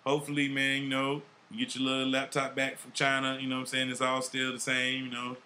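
A man hosting a podcast in casual chat, animated, with heavy swearing and street slang. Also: mid-range voice, fast, slight background noise. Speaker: podcast host.

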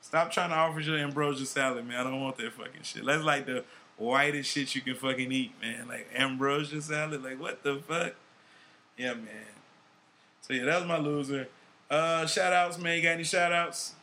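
A man's voice: mid-range voice, moderate pace, slight background noise. Brash, profane podcast host man. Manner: animated, heavy swearing, street slang. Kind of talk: casual profane chat.

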